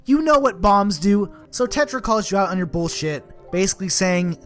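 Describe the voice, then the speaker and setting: High-voiced sarcastic young man. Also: expressive, normal speed, few pauses, soft background music. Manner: sarcastic, profane, full of filler words. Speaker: comedy game reviewer. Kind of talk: comedic game synopsis.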